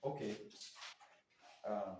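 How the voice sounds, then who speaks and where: A man's voice: very slow, noisy background. Quizzing male trainer, echoey room. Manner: quizzing listeners with fill-in questions. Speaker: staff trainer. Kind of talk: classroom teaching.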